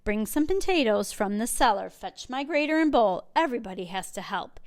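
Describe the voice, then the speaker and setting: A woman's voice: on the high side, lively intonation, brisk. A woman doing a chatty old grandmother. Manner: warm, fussing, chatty and gently scolding. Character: kind, cheerful old grandmother hosting a holiday dinner. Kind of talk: picture book read aloud.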